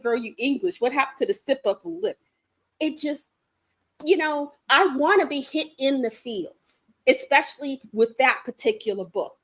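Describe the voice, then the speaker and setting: Animated woman with lively, high voice. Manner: animated, laughing, playful. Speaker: co-host. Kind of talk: casual chat.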